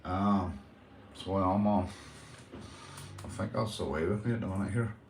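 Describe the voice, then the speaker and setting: A man's voice: low voice, a little slow, darkish tone, reverberant, slight background noise. Northern Irish man chatting on a livestream. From Northern Ireland. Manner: swears freely, calls everyone mate and lad. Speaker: livestream host. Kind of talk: casual livestream chat, greeting viewers.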